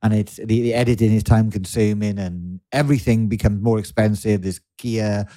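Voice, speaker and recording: A male podcast host with a low, mellow voice speaks casually. He stumbles and repeats words, and the recording is dry and close with no room sound. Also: steady tone, normal speed, no room sound. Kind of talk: casual chat.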